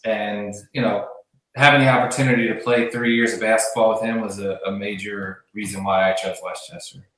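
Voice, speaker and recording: A man in his forties, a guest giving relaxed, brief answers in a casual interview. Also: on the low side, a little fast. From Newtown Square, Pennsylvania. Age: 40s. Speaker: guest, basketball executive. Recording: very echoey room.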